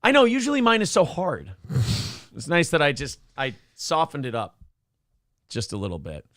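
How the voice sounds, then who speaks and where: A man hosts a morning show with quick jokes and casual swearing. His voice sits high and bounces up and down a lot. The sound is dry and close, with no echo. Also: huge pitch swings, a bit bright. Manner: joking, profane, offhand. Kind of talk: casual comedic chat.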